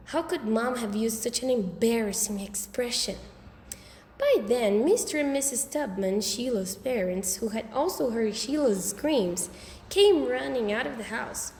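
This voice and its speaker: High-voiced woman reading a storybook. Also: measured pace. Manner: lively, expressive reading. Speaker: audiobook reader. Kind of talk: storybook narration. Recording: roomy with long reverb.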